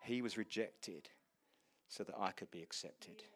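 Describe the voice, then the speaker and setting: A man preaching a sermon with passion, swinging from loud exclamations to hushed, slow passages and speaking earnestly to his congregation. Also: low voice, a little hiss or hum.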